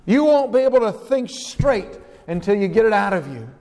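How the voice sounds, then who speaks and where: Male pastor, high voice, emphatic verse-by-verse preaching, long hall reverb. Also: expressive, moderate pace, darkish tone. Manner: reads scripture verses aloud and explains them, emphatic. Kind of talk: expository sermon.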